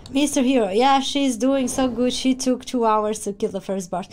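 A woman streamer giving excitable live reaction commentary on a video game, shrieking, gasping and talking to the characters on screen. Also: a little high, normal speed, slight background noise. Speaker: gaming streamer.

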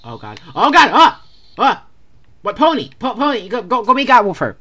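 Bright, lively, panicky game commentator. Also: medium pitch, normal speed. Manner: stammering, panicky, repeats words in bursts. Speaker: gamer playing a horror game. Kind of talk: casual gameplay commentary.

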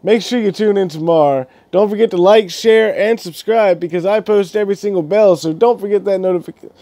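A man's voice: high voice, brisk, warm tone, no echo. Brief: young male gaming vlogger, laughing storyteller, dry close sound. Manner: swearing, laughing, rambling storytelling. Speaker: gaming YouTuber. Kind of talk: casual vlog rant.

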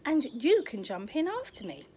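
A cheerful father otter from a storybook, brisk and encouraging, as a woman puts him on while reading. His voice is pitched up and bounces around. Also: big pitch swings, darkish tone, slight background noise.

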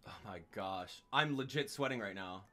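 A man giving live commentary on a game stream, excitable and exclaiming as he rants in frustration. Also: lowish voice.

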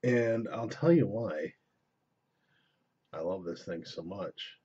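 A young man with a deep, very husky voice rambles through a casual vape gear review, swearing freely and breaking off mid-sentence. The audio is dull and lo-fi, like a basic camera mic. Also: slow, mellow. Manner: rambling, profane, self-interrupting. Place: indoors at home.

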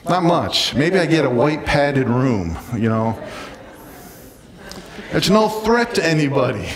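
A man delivers a sermon in an animated, dramatic way. His voice sits a little high and swings widely in pitch. A long church reverb trails each phrase. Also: slow. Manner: animated preaching, acting out crowd voices. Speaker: pastor. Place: church sanctuary.

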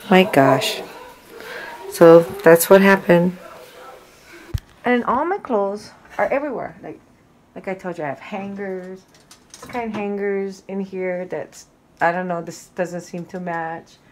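A woman's voice: on the low side, a little slow, long pauses, poor audio. A woman vlogger telling a rambling personal story in a casual, chatty way, full of fillers and restarts. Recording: faint background water noise. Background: loud waterfall noise.

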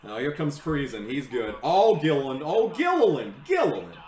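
A young man giving live reaction commentary to a race, excitable and swearing, yelling at the screen. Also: fairly high pitch, moderate pace, roomy sound, rough recording.

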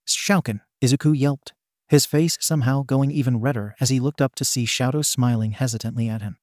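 Male narrator for read-aloud fan fiction, steady delivery, mid-range voice. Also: mid-range voice, a little fast, dry recording, studio quality.

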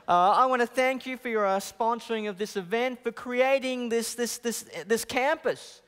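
An Australian man giving an academic lecture as a guest speaker, genial and explanatory, with joking asides and quick restarts. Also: very high voice, fairly bright tone, smooth. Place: chapel. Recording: long reverb of a chapel.

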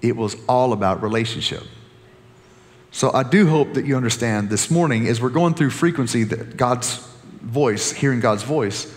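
Pastor guy giving a sermon, lively and joking, restarts a lot, echo of a big hall behind him. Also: mid-range voice, normal speed. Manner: animated, joking with the congregation, restarts sentences.

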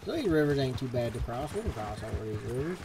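This gaming streamer's voice is medium-pitched and sing-song, moving at a quick pace as he jokes through a live game in a fake folksy cowboy accent. The young man's casual commentary comes with background noise and game music beneath it.

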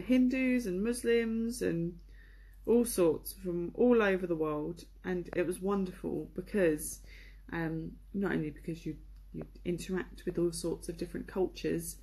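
A husky, mellow, lowish female voice belongs to a young presenter from England. She talks her way through an informal English culture lesson, hesitating often with ums and ahs.

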